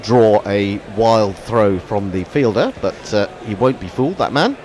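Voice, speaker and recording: A man's voice: fairly low pitch, animated, measured pace, a little mellow. A man commenting ball by ball on a cricket match, with wry, chatty banter between deliveries.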